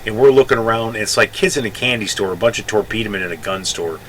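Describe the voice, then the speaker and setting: Chatty older man, bright forceful voice. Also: on the low side, steady tone, fast talker, slight background noise, low-quality recording. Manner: rambling, self-correcting, chatty. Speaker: Navy veteran storyteller. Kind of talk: casual storytelling.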